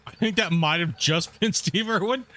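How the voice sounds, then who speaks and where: A man's voice: sits high, a little slow, bright, forceful tone. Chatty male gaming streamer. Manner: chatty, talks straight to viewers in chat, frequent laughter. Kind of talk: casual livestream chat.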